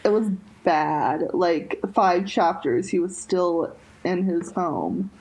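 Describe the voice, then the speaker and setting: Young woman, unhurried pace, rambling casual chat, podcast co-host, lots of ums. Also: on the low side, darkish tone, low-quality recording. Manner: rambling with many fillers and restarts.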